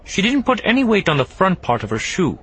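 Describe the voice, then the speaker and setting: A man voicing an excitable, exasperated male alien detective with a shrill, warbling voice. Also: fairly quick, slightly rough, full character voice.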